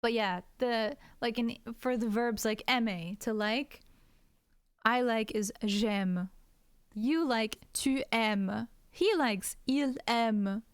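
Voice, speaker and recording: A woman's voice: on the high side, slow, clear, resonant tone, no room sound. An American woman, a French teacher, chatting casually to her stream viewers while drawing, swearing freely, filling her talk with "like" and laughing often. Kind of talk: casual livestream chat to viewers. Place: indoors at a computer.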